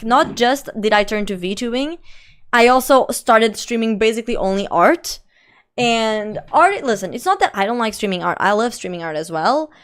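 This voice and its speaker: Chatty young woman streamer, smooth voice. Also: medium pitch. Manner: chatty, reads chat aloud, frequent laughs and "like". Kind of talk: casual live-stream chat.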